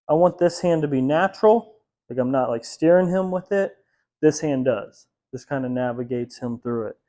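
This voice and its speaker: A man's voice: a little high, mellow. A man teaching a dog training lesson in a casual, chatty way, laughing often and using many fillers.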